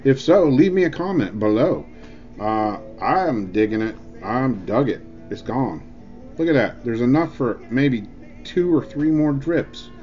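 A man's voice: mid-range voice, expressive, a little slow, darkish tone. Dude rambling and joking on his vlog, lots of uhs, kinda dull lo-fi audio with faint music. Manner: rambling, jokey, filler-heavy. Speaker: e-juice reviewer. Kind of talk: casual vlog review.

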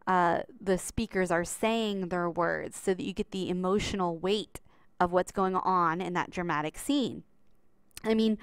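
Chatty woman teacher going over slides, smooth clear voice, dry close sound. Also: medium pitch, no echo. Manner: chatty, upbeat, addresses students as lovelies. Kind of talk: recorded writing lesson over slides.

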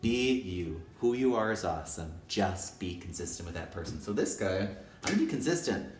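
A male kindergarten teacher talking straight to camera in a casual, animated way, repeating his points for emphasis. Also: low voice, a little fast, noisy background. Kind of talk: casual direct-to-camera talk. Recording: roomy echo.

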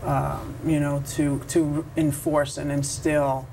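A woman from New York who works as a truancy officer, answering interview questions in a measured way with many ums. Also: low voice, flat delivery, creaky, dark tone, slight background noise. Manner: measured, many ums, slow careful phrasing. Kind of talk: interview guest.

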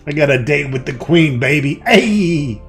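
A man's voice: mid-range voice, steady tone, brisk, vocal fry, soft background music. A man hosting a let's play, reading out a text adventure game and muttering casual, profane comments.

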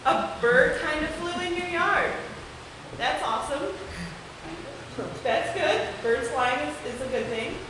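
A woman's voice: sits high, animated, slow, long pauses. A young woman leading a children's message at a church service, encouraging the kids and reading a picture book aloud. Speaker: children's time leader. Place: church sanctuary. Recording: echoey sanctuary with background noise.

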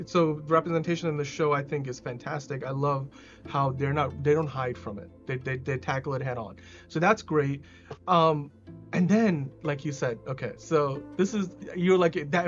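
A man hosting a podcast, reviewing a TV episode in a casual, excitable way that rambles with lots of fillers and restarts. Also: on the high side. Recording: dull lo-fi podcast audio.

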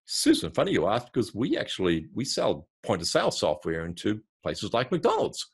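A man voicing an eager male software salesman at a dinner party, pitching with excitement. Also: moderate pace, creaky, breathy edge, exaggerated voice.

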